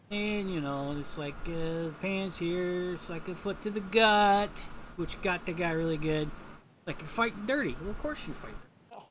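A man's voice: fairly high pitch, noisy background. A man giving casual, joking commentary as he narrates a video game and reads its lines aloud.

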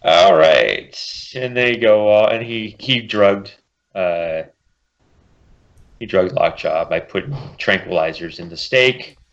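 Low-voiced man recapping comics. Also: highs cut off. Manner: summarizes plots and puts on quick character voices. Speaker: comic book podcast host. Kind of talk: casual chat recapping a comic.

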